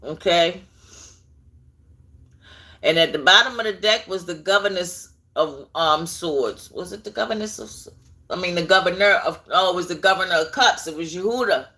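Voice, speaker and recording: Reading tarot live, this woman speaks at a moderate pace in a lowish voice that's bright and forceful. She's chatty, talks directly to viewers, and drifts off on tangents as she searches for things.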